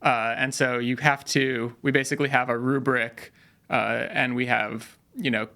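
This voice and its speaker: Male podcast guest, product lead; gravelly and bright, thoughtful explainer with fillers. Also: medium pitch, fairly even intonation, a little slow. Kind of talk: conversational tech interview.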